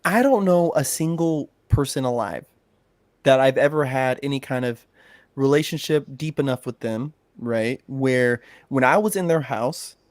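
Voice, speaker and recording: A man's voice: medium pitch, measured pace, no echo. A man co-hosting a podcast in laid-back, profane, casual chat, often dropping "bro.". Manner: laid-back and profane, says "bro" and "you know what I'm saying" a lot. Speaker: podcast co-host.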